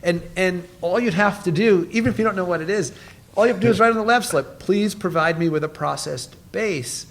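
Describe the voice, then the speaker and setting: Guest dentist, man, 50s, a bit high-pitched, emphatic and eager, stumbles on openers. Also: a little fast, gravelly. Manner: emphatic, enthusiastic, repeats words when starting. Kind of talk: podcast interview.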